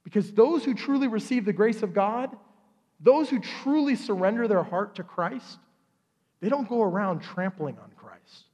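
A man preaching a sermon in a church, his slightly high voice carrying a long reverb through the hall. He tells the story with animated energy and quick acted-out voices for the characters. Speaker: pastor. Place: church sanctuary.

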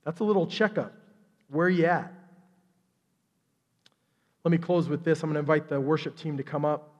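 Animated preaching man in a reverberant church. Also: fairly high pitch, muffled recording. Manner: animated storytelling, acts out characters in quick voices. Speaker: pastor. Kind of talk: sermon. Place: church sanctuary.

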